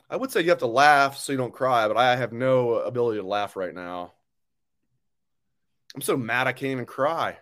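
A man's voice: medium pitch, a bit bright, clean tone. A man hosting a live sports talk stream, ranting angrily and bluntly, with swearing, as he reads viewer comments. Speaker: sports show host.

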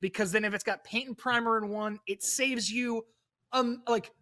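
A man in casual podcast chat who gives rambling, halting advice full of fillers. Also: very high-pitched, fairly even intonation, pushed and bright.

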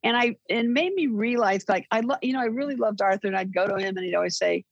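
Husky older woman, gravelly and dry. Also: medium pitch, quick pace, no echo, highs cut off. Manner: rambling, self-correcting storyteller. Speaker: guest. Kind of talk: casual chat, storytelling.

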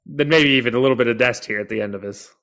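A man's voice: medium pitch, very fast, fairly bright tone. A man joining a football podcast as guest, making teasing, dry remarks. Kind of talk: casual sports chat.

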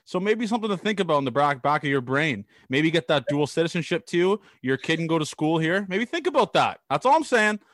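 A man's voice: fairly high pitch, fairly quick, hardly any pauses, dry recording. A young man from Canada hosting a casual interview, telling wild stories with energy and swearing casually. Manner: animated storyteller, swears casually. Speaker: podcast host.

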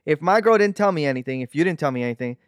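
A man's voice: a little high, lively intonation, rapid-fire, clear, resonant tone, no room sound, clean studio sound. A young man in casual chat, blunt and slangy, now and then slipping in Spanish words.

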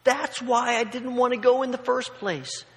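A man's voice: sits high, unhurried, sharp tone, full character voice. A man voicing an angry, exasperated male prophet who complains bitterly, in a reverberant hall. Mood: bitter complaint.

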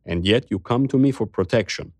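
A man putting on a wealthy, unhinged tycoon who scolds sternly while fear creeps under the surface. The voice sits low and is recorded close and dry, as in an audiobook. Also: a little fast, no echo, lightly acted. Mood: cool. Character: rich powerful madman, fearful, male.

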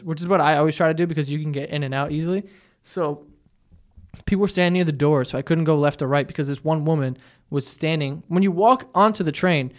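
New guy, pretty high voice, swearing and laughing through his stories on a chill podcast. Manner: animated storyteller, swears a lot, laughs while telling. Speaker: podcast host. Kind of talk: casual chat.

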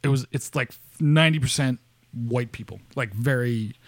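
A man's voice: mid-range voice, normal speed, a little hiss or hum. A man from upstate New York hosting a podcast, chatting in a rambling, casual way, laughing often and swearing freely. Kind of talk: casual chat.

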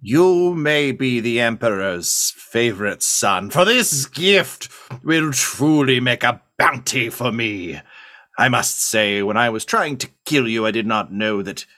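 A man puts on a gleeful inquisitor who delights in burning heretics. The tabletop voice rises high and sing-song, stretching its words slowly and theatrically. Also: bright, forceful tone, heavily acted.

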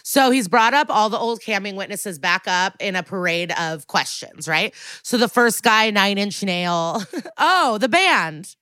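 A woman's voice: mid-range voice, normal speed, few pauses, clear, resonant tone, dry recording. A woman co-hosting a podcast, recapping a TV episode in casual, profane chat and acting out the characters' lines. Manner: animated, profane, acts out quoted lines. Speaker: podcast co-host.

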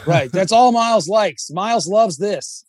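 A man talking as a comedian guest on a podcast, rambling and swearing, breaking into high sung bits. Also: lively intonation, unhurried, no room sound, studio quality. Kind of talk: casual podcast chat.

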